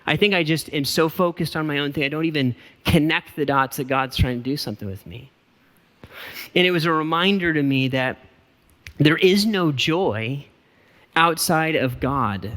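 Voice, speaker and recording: Animated pastor in a reverberant hall. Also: male voice, mid-range voice. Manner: casual, self-deprecating, animated storyteller. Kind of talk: conversational sermon storytelling. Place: church auditorium.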